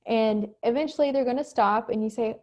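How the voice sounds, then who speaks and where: Female instructor with a warm, relaxed tone, recorded at home on a computer mic, acting out short examples. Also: fairly high pitch. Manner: conversational, acts out quick examples. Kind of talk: recorded online lecture. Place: home, cat nearby.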